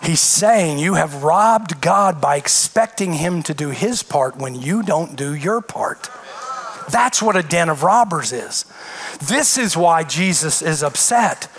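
Guy preaching, fairly high voice, punchy rhetorical questions. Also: expressive, takes it slowly, fairly bright tone, a little hiss or hum. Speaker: pastor. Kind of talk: sermon.

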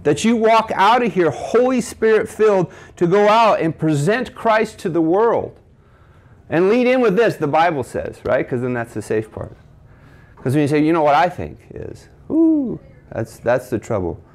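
A man's voice: on the high side, lively intonation, moderate pace. A man preaching to a men's group at a breakfast, asking the listeners questions and quoting scripture. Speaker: speaker at a men's ministry breakfast. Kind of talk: sermon. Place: cafe.

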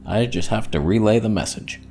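A man's voice: lowish voice, fairly quick, over music. A man vlogging in a casual, rambling, self-mocking way while in back pain. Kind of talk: casual vlog monologue.

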